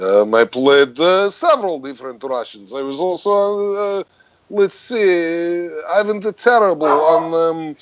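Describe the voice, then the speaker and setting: A man in his fifties, a voice actor guesting on a podcast, telling stories animatedly and dropping into deep character voices. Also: animated, unhurried, dull audio. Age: 50s. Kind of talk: casual podcast interview.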